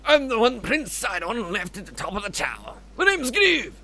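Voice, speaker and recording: A showy fish-man gushes in a put-on Scottish lilt, as a man reads him out. The voice sits high and bright, with a lot of swing in the pitch. Every sentence comes out grand and exclamatory, like video game dialogue performed with relish. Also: huge pitch swings, moderate pace, heavily acted. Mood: eager. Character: flamboyant male fish-man, dramatic diving fanatic. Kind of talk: reading game dialogue aloud.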